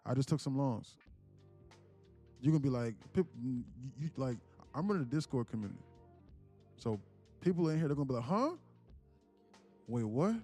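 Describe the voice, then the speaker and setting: A man's voice: mid-range voice, warm tone. A man hosting a trading livestream, joking with chat in a playful, slangy way.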